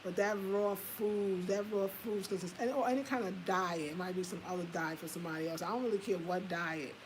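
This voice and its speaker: A woman in her fifties telling a personal story in a candid, animated way, swearing casually and laughing at herself. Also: on the low side, fairly quick, a little hiss or hum, poor audio. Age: 50s. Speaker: home design vlogger.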